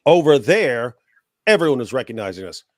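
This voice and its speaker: A man from the United States who has a cold talks in a loose, sarcastic chat, mocking as he goes. His voice sits at an ordinary middle pitch and the sound is dry and close, with no room around it. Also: sing-song, fairly quick, no room sound. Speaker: guest. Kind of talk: casual chat.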